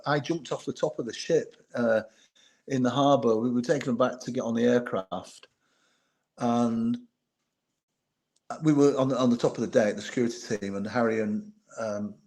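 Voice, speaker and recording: A man's voice: mid-range voice, moderate pace. Earnest man in his fifties. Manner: quiet, earnest, thinks aloud. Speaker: former royal bodyguard, podcast guest. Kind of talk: reflective interview storytelling.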